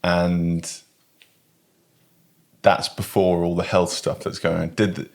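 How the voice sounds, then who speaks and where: Young man, very deep voice, curious, teasing, family podcast. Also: flat delivery, slow pace, gravelly. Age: young adult. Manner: curious, asks questions, teasing. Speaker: podcast co-host. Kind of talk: casual family chat.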